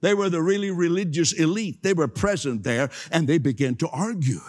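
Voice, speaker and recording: A man's voice: on the high side, a little fast, few pauses, in a large hall. A man preaching a sermon, emphatic, repeating key phrases and asking the congregation to say them with him.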